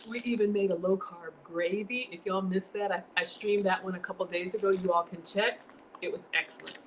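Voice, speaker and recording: A woman hosting a home cooking livestream, telling stories in an animated, chatty way and talking straight to her viewers. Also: medium pitch, a little hiss or hum. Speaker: home cook livestream host.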